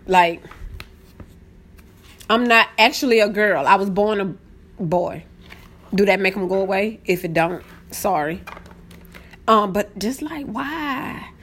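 A woman chatting casually on a live stream, greeting viewers by name and getting excited easily. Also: mid-range voice. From Southern United States. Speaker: planner live-stream host.

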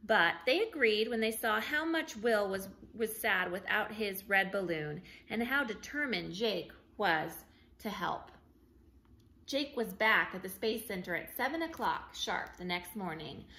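Teacher reading a children's book aloud: a woman with a bright, lively, expressive voice. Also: mid-range voice, unhurried, rough recording. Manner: expressive, clear storytelling. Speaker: early learning teacher.

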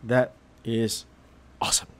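Chatty male gamer reading dialogue aloud. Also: unhurried. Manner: chatty, reads lines aloud with asides. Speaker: let's play host. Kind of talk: casual gameplay commentary, reading dialogue aloud. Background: game music.

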